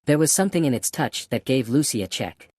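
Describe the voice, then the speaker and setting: A man reading a classic novel aloud as an audiobook narrator, in a steady, even manner. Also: mid-range voice, a little fast, dry recording, clean studio sound. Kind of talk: scripted narration.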